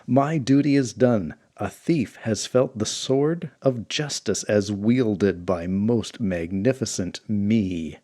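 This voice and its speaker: A man's voice: fairly low pitch, slow, hardly any pauses, mellow. A man voicing a vain, pompous male hero swordsman from a comic, declaiming grandly and boastfully.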